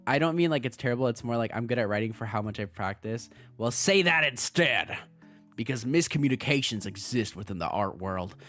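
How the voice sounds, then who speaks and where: A young man chatting casually on a livestream as a VTuber streamer, excitable, laughing often and swearing freely. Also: medium pitch, fast, few pauses, soft background music.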